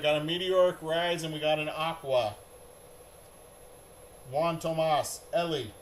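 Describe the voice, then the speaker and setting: Upbeat middle-aged male host, rambling live-stream chat, unhurried delivery, faint background noise. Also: mid-range voice. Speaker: card break host.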